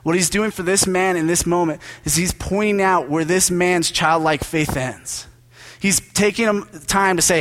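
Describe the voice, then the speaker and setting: Young pastor, casual and joking. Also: male voice, high-pitched, moderate pace. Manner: conversational, joking, animated storytelling with laughs. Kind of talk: sermon.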